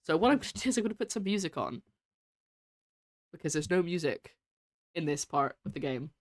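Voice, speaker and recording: A woman's voice: fairly low pitch, expressive, a little fast, dry recording, studio quality. A woman chatting casually and giggling as she plays a game on stream. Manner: chatty, giggly, self-mocking. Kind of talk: casual gameplay chat.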